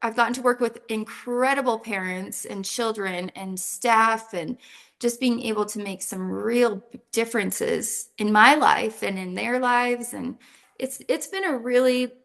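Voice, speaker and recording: Creaky-voiced woman telling her story. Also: fairly high pitch, unhurried. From Utah. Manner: lively storyteller who acts out quotes. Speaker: psychologist and clinic founder, guest. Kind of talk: casual interview talk.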